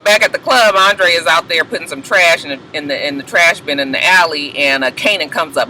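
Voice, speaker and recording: Animated, slangy guy recapping a show. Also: on the high side, fairly quick, few pauses, slight background noise, rough recording. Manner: animated, slangy, acts out the characters. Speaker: TV episode reviewer. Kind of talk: casual episode recap.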